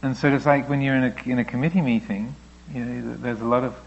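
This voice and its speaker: A man, a Buddhist teacher, answering questions in a reflective, gently explaining way, now and then voicing thoughts aloud. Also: medium pitch, steady tone, fast talker, creaky, lo-fi sound. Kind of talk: dharma talk Q&A.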